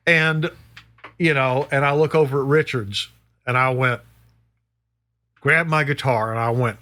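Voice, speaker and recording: A middle-aged man, a guest musician, telling a story in a casual, animated way, swearing and peppering it with "you know". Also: mid-range voice, normal speed, long pauses.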